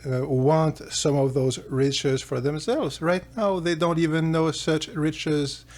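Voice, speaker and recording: A man's voice: on the high side, little pitch movement, takes it slowly, a little mellow. A man doing hesitant royal advisers. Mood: cautious. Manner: hesitant, cautious. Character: nervous male royal advisers.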